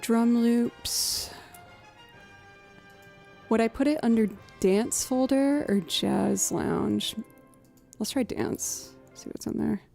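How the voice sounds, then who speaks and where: Gravelly-voiced woman streamer scatting rhythms. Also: on the high side, takes it slowly, long pauses, a little mellow, faint music behind. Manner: chatty, thinks aloud, hums and scats rhythms. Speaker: streaming musician. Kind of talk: casual live-stream chat while setting up loops.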